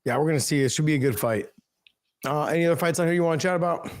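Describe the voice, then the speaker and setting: A man's voice: a little high, very fast. A man co-hosting a fight podcast, talking casually and bluntly, cursing now and then and reading out sponsor plugs. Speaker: podcast co-host. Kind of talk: casual chat.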